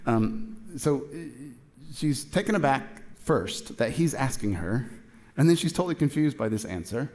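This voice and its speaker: A middle-aged man preaching a sermon in a casual, chatty way, acting out both sides of a dialogue with lively shifts in voice. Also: medium pitch, normal speed. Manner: casual, chatty, with many fillers and asides. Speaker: pastor.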